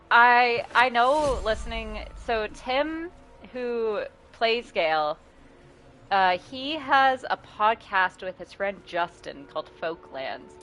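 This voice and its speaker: A woman's voice: on the high side, fairly bright tone. A woman game streamer chatting casually and rambling, laughing often and swearing freely. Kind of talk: casual live-stream chat.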